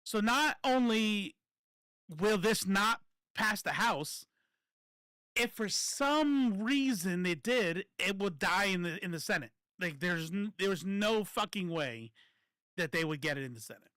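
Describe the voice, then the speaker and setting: A man's voice: sits high, animated, unhurried, pushed and bright, no room sound. A man giving casual, profane political commentary that rambles, stopping and restarting often.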